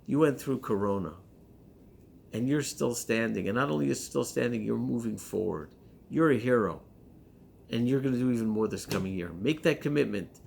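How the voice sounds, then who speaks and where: Brief: man preaching a festive sermon, gravelly and encouraging, with a faint hiss behind. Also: mid-range voice, lively intonation, normal speed, a little mellow. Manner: exhorting, rhetorical questions. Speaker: rabbi. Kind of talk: holiday sermon.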